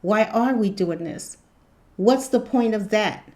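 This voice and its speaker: A woman's voice: mid-range voice, slow pace, mellow. A woman talking casually and earnestly about faith and spirituality, rambling and repeating herself as a channel host. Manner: rambling, repetitive, earnest, laughs often. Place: hot room indoors.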